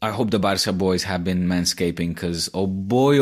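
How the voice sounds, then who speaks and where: Rambling, playful man, lowish voice. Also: moderate pace, few pauses. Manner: rambling, playful, many uh fillers. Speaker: podcast co-host. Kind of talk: casual podcast chat.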